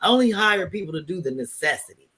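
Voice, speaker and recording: A middle-aged woman from St. Louis with a St. Louis accent, a comedian chatting as an interview guest and telling lively stories. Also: on the low side, fast, husky. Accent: St. Louis, Missouri. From St. Louis, Missouri. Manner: lively storyteller who acts out the people she quotes. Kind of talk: casual interview chat.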